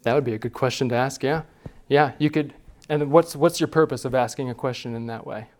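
A man leading a class, teaching in a relaxed, conversational way and putting questions to his students. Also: medium pitch, a little fast.

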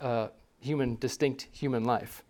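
A man leading a class, teaching in a relaxed, conversational way and putting questions to his students. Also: mid-range voice, unhurried.

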